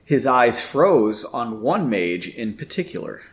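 A man's voice: mid-range voice, very animated, slow pace. A man reading a story aloud, breaking off for wry comments on the writing. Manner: wry, self-interrupting commentary. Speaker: reader.

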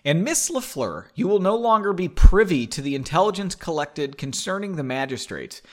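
A man's voice: on the high side, very animated, normal speed, pitched above the performer's own voice. A man voicing a stern, commanding male council leader, reading aloud from a story. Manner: commanding, loud.

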